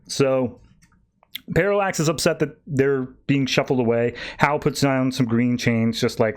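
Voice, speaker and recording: A man hosting a podcast, casually recapping a comic issue and voicing the characters in quick, animated asides. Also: mid-range voice. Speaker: podcast host.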